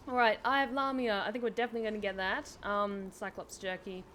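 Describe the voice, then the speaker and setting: A woman streams a game and talks through it live, in a mid-range voice, with lively reactions and stretches of reading the on-screen text aloud. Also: medium pitch, fast talker, slight background noise. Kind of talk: live gameplay commentary.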